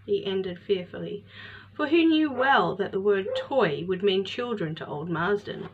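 A woman storyteller giving an expressive, measured storybook narration as host of her show. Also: mid-range voice. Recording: slightly muffled with faint hiss.

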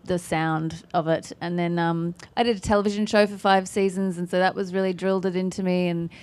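An Australian actress with an Australian accent, answering panel questions in a playful, self-deprecating way. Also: female voice, fairly low pitch, little pitch movement, fairly quick, a little mellow, smooth.

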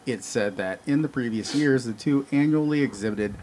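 A man's voice: medium pitch, normal speed, hardly any pauses, noisy background. A man co-hosting a casual podcast, reading news quotes aloud in a put-on Boston accent and laughing often.

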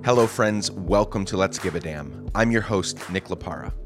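A man's voice: low voice, normal speed, music in the background. A man hosting a podcast with a casual, joking manner and a groggy morning voice. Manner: jokey, casual, self-deprecating. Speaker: podcast host. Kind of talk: conversational podcast interview.

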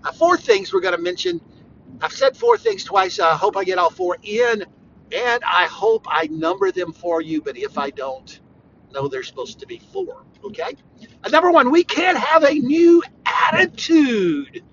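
A man preaching on a podcast, talking straight to the listener and hammering his points home again and again, with sudden loud bursts. His voice sits high, bright and sharp, and it swings widely up and down. The recording is dull and lo-fi, with a faint noise underneath. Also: sing-song, measured pace. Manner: emphatic and repetitive, with sudden bursts of loud emphasis; conversational, talks straight to the listener. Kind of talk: informal devotional podcast talk.

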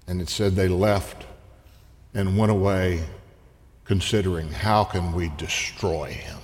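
Slow-preaching pastor in a reverberant hall. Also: male voice, a little mellow. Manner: slow, deliberate preaching that rises in pitch on quoted scripture. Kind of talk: sermon. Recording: long reverb in a large hall.

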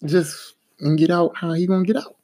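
A man casually telling a profane, animated story about a job that went wrong. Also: a little high, moderate pace. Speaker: podcast host telling work stories. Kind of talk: casual spoken anecdote.

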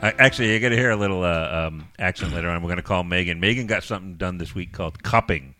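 A man's voice: low-pitched, fast, pushed and bright, faint music behind. A man hosting a podcast in casual chat, rambling and laughing between stories. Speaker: podcast host.

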